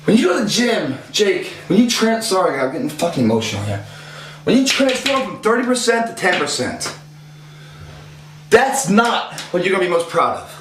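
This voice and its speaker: A man's voice: high-pitched, big pitch swings, moderate pace, fairly bright tone, slight background noise. A man giving an intense, profane, emphatic fitness motivational talk. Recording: echoey room.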